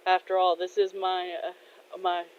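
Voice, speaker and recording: A kind male shopkeeper , voiced by a woman storyteller, reassures in a calm, slow, low-set voice. The sound is muffled and lo-fi. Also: smooth, lightly acted. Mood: reassuring. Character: kind male shop owner, modest and helpful. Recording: dull lo-fi recording.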